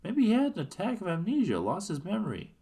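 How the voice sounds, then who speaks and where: A curious teenage boy detective asks his questions in a raised, eager voice, as a man puts him on while reading aloud. The pitch sits well above the reader's own. It sounds like a storybook hero. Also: huge pitch swings, fast, creaky, mellow, breathy edge, exaggerated voice.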